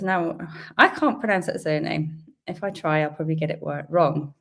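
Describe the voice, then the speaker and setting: A British woman from the UK, a little croaky from a sore throat, hosting a chatty, upbeat live-stream Q&A from home and greeting her viewers. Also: deep voice, normal speed, fairly bright tone. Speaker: host. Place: home indoors.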